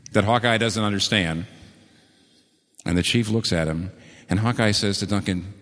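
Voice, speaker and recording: A man preaching a sermon, telling stories earnestly and slowing down to repeat key words with emphasis. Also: deep voice, a bit bright, in a large hall. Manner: earnest storytelling with slow emphatic repetitions. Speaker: pastor.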